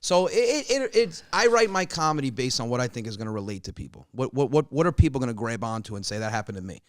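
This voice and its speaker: Animated comedian telling family stories. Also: male voice, fast talker, no room sound, studio quality. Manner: animated, jumps way up in pitch for punchlines. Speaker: stand-up comedian, guest. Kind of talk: storytelling in a podcast interview.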